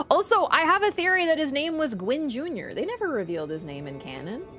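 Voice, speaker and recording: A woman livestreamer in casual chat, animated and teasing toward viewers and swearing casually. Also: sits high, brisk, faint music behind.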